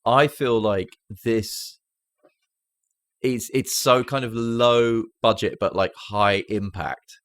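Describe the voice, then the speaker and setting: A man's voice: medium pitch, slow pace, fairly bright tone, no room sound. A man co-hosting a casual film podcast, chatty and retelling scenes with quoted lines. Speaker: podcast co-host. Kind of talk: casual film-review chat.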